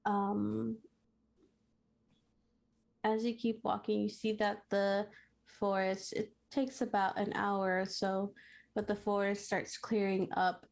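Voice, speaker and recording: Woman game master, slow halting narration, lots of ums. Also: mid-range voice, level tone, gravelly. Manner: halting, with many filler pauses.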